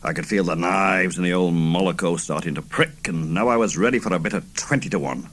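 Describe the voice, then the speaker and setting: A man's voice: deep voice, brisk, fairly bright tone. A man in his fifties, an author reading his novel aloud in a theatrical, first-person style. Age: 50s. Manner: theatrical, swooping delivery.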